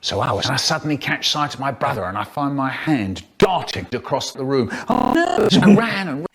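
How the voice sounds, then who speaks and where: A man's voice: mid-range voice, lively intonation, fairly quick, a loud crowd. A man, telling playful, exaggerated stories in edited clips. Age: 70s. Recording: remix with loud music bed.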